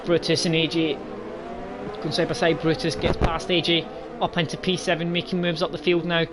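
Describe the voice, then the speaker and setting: A man's voice: fairly high pitch, level tone, normal speed. A man commentating a sim racing league live, often breaking into laughter and disbelieving exclamations. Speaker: race commentator. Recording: music bed and engine noise.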